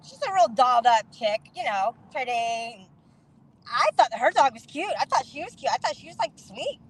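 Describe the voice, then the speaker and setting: A high-pitched woman in middle age tells a story with big, lively swings in her voice. She is indignant and animated and acts out everyone's lines as she goes. Faint vehicle noise hums in the background. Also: normal speed, husky, rough recording. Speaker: vlogger telling a story. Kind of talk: casual storytime monologue.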